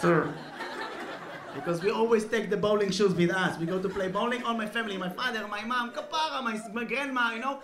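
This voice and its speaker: A man's voice: high voice, brisk, crowd noise. A man from Israel with an Israeli accent, a comedian, speaking brash, broken English with playful energy. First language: Hebrew. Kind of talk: comic stand-up and street pranks.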